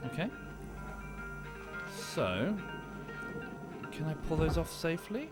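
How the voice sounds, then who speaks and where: A man's voice: fairly high pitch, sing-song, takes it slowly. Sweary, rambling British male streamer. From United Kingdom. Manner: rambling, sweary, self-interrupting. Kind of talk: casual gameplay commentary and chat. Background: music.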